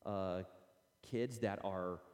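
With a low pitch, drawn-out words and a slightly mellow sound, a middle-aged man delivers an earnest, conversational lesson to parents. He performs the quoted words of parents and children, and the audio has a long reverb.

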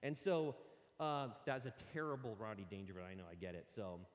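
Man, pastor, sermon, animated joking storyteller, lively pitch, long church reverb. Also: brisk. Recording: long reverb of a large hall.

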